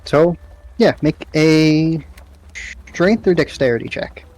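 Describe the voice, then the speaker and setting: A man narrating as game master in a relaxed way, with lots of ums and uhs. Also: a little high, slow. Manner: relaxed, with many fillers.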